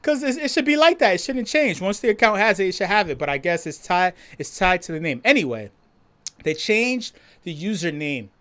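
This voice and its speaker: A livestream host chats casually, reading out viewer comments and launching into an animated rant full of swearing and laughter. The voice is mid-range and brisk.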